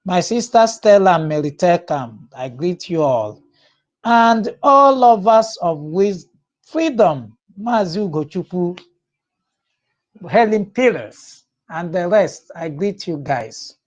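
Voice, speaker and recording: High-pitched man, slow and formal greeting style, muffled lo-fi audio. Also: lively intonation. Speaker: speaker in online audio room. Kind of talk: chanting then formal greetings.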